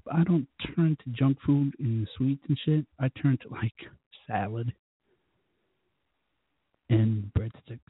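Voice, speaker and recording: A man hosts his own talk show, drinking as he rambles through a crude, profanity-laced story. His voice is husky, and the recording is dry and narrow, like a phone line. He sounds loose and a little wasted. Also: medium pitch, slow, pauses often, no room sound. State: tipsy from drinking. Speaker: podcast host. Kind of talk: casual rambling monologue.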